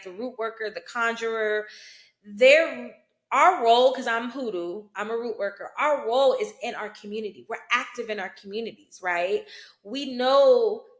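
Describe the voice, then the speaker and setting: Chatty woman in an echoey room. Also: fairly high pitch. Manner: conversational, peppered with "you know" and "right?". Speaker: hoodoo root worker and vlogger. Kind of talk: casual film commentary.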